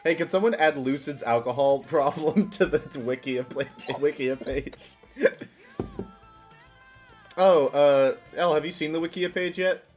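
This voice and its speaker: A man's voice: a little high, a little slow, a little mellow. Rambling, self-mocking male streamer. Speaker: streamer playing a party game. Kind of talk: casual live-stream chat. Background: faint background music.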